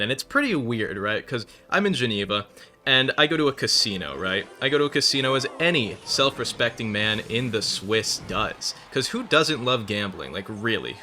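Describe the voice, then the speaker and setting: Man, gaming vlogger, bright tense voice, rambling story with profanity and asides to the game. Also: medium pitch. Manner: rambling, swears, breaks off to react to the game. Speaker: gaming video creator. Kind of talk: casual storytelling over live gameplay.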